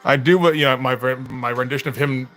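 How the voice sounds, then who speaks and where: A man with a bright, forceful voice rambles through casual livestream chat. He laughs a lot and keeps restarting his sentences. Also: medium pitch, fairly even intonation, a little fast, soft background music. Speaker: comic artist livestreaming.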